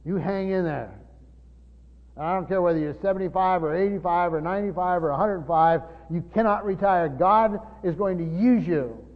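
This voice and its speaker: A man's voice: high voice, normal speed. An older man preaching a sermon, teaching earnestly with frequent restarts and repeated words. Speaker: pastor. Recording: dull lo-fi sound with long church reverb.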